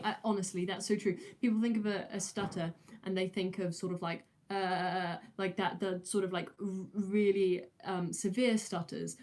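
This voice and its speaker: A woman's voice: mid-range voice, a little mellow. A nineteen-year-old woman, chatting casually on a livestream, with many fillers, restarts and a slight stutter. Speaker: streamer answering chat.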